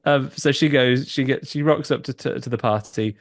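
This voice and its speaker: Man, gravelly mid voice, rambling animated recap, dry close mic. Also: medium pitch, moderate pace, no echo. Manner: rambling, animated retelling with frequent restarts. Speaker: podcast co-host. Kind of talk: casual chat recapping a film.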